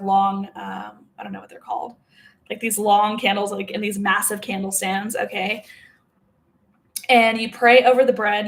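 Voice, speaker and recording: Speaking in a mid-range, slightly bright voice, a spiritual self-help creator gives a blunt, emphatic, heavily profane personal monologue charged with emotion. Her sentences run on loosely, packed with "like" and "okay?".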